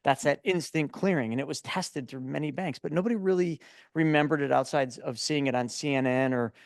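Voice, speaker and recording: A man in his forties, a guest in an interview, telling stories in a lively, casual way and often repeating words as he starts a thought. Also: on the high side, brisk, creaky, no echo, studio quality. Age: 40s. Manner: animated storyteller, repeats words when starting.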